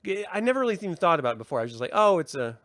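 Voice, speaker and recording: A man co-hosting a casual review podcast, talking in an animated way, swearing and mocking in impressions. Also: high voice, rapid-fire, dry recording. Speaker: podcast co-host.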